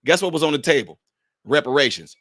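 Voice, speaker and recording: A man's voice: fairly high pitch, animated, a little fast, a bit bright, no echo, clean studio sound. A man from Chicago giving a heated political commentary, preachy and mocking, talking straight to his viewers.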